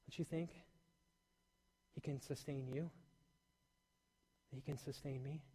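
A man preaching a sermon to a congregation, animated and full of questions to his listeners. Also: medium pitch, takes it slowly, breathy edge. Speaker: pastor. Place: church hall. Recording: long hall reverb.

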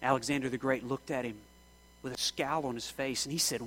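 A man preaching a sermon with passion, his voice swinging from shouting to hushed and back. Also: a little high, steady tone, fairly quick, poor audio.

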